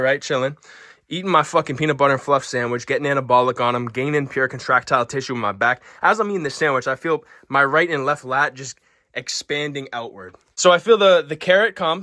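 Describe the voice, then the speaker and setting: A young man vlogger telling a story in a loud, profane, boisterous way, acting out the scenes as he goes. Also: on the high side. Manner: boisterous, swears constantly, acts the story out.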